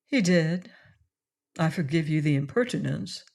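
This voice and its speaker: A woman's voice: sits low, expressive, unhurried, vocal fry, a little mellow, exaggerated voice. A woman reading an audiobook, voicing a proud, spirited young lady who speaks with cool dignity.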